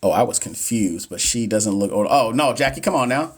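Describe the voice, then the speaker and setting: A man's voice: fairly low pitch, lively intonation, fairly quick. Joking man in his thirties hosting a live stream. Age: 30s. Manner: joking, chatty, talks straight to viewers, stumbles on medical terms. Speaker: nursing exam coach streaming live. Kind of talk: casual live-stream chat reading exam questions.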